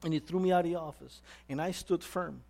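Male pastor, high voice, sermon delivery, plays out his listeners' complaints. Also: fairly quick, creaky. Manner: animated preaching with acted questions and rising emphasis.

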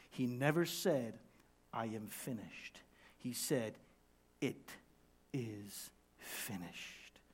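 A man with a fairly high voice delivers a sermon as pastor. He preaches dramatically, rising to loud cries and then dropping to near-whispers. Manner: dramatic preaching, swinging from shouts to hushed tones.

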